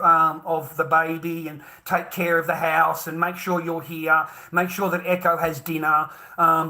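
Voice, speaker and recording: High, bright-voiced Australian man ranting. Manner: profane, heated, scornful, laughs bitterly. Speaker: vlogger. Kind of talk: angry ranting monologue.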